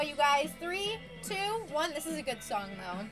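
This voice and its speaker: A woman's voice: high voice, very animated, moderate pace, few pauses. A woman streaming live, chatting casually with her viewers, rambling and swearing as she gets worked up and reads chat messages aloud. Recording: music playing behind.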